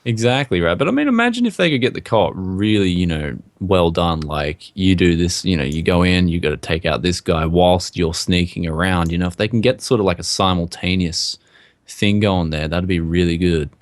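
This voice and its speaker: An Australian man co-hosting a casual gaming chat, relaxed and rambling with plenty of fillers. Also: low-pitched, normal speed, dry recording. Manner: relaxed, laid-back, rambling with many fillers. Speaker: co-host.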